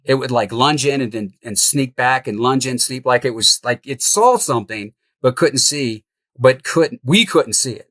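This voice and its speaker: Middle-aged male guest, lively raconteur with a mid-range voice, dry close sound. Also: medium pitch, moderate pace, dry recording. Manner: animated, laughs through the tale. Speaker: podcast guest, house flipper. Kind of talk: storytelling in an interview.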